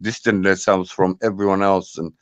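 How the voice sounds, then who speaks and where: A man in casual chat, talking in a dismissive, repetitive, halting way. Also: low-pitched, little pitch movement, no room sound.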